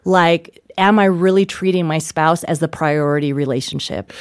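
A woman guest in an interview, an author telling animated stories with frequent laughter. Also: low-pitched, moderate pace, clear, resonant tone, dry recording. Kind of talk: interview storytelling.

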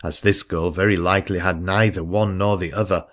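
Deep-voiced man reading an adventure tale. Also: fairly even intonation, a little fast, fairly bright tone. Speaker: audiobook narrator. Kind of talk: scripted first-person narration.

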